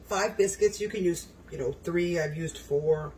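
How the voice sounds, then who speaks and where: A man's voice: on the high side, unhurried, darkish tone, rough recording. An effusive man with a slightly raised voice gives a casual cooking demonstration in his home kitchen. He speaks directly to his viewers and gushes over each dish. A faint room hum sits behind him. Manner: effusive, exclaims often, talks to viewers. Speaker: home cook vlogger.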